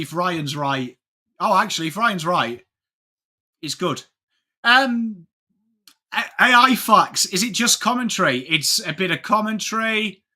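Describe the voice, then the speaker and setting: Bright-voiced chatty English man. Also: sits high. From England. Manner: chatty, greets chat viewers by name, slangy banter. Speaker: livestream host. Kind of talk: casual live watchalong chat.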